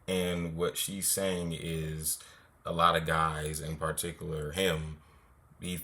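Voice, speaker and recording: Man with a super deep voice reacting to a clip, lecturing, kinda dismissive. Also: gravelly, a bit bright. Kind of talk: commentary.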